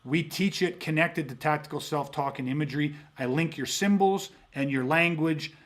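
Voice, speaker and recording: A man's voice: fairly high pitch, normal speed. A man hosting a podcast, explaining tactical mindset techniques in an intense, profane way and acting out his reactions as he teaches. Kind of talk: instructional podcast monologue.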